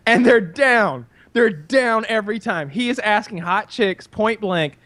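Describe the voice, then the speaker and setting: A man's voice: high-pitched, expressive, normal speed, a bit bright, no echo. A man co-hosting a podcast, rambling through a story in casual chat, with many fillers and restarts. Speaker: podcast co-host.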